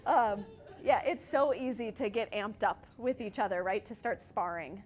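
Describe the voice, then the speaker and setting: A woman presenting a casual parenting workshop to a group in a church meeting room, chatty and quick to laugh, often checking in with the audience. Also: mid-range voice.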